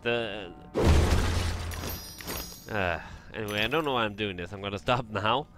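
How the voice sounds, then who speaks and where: A man's voice: fairly low pitch, measured pace, heavy background noise. A young man commentating his own gameplay, getting frustrated and exasperated, with some swearing. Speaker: let's play gamer. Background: game music.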